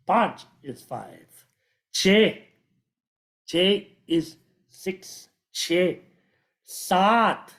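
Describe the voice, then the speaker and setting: A man's voice: high voice, a bit bright. A man teaching vocabulary in a casual lesson, repeating each word and spelling it out letter by letter, patient and encouraging. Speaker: language teacher.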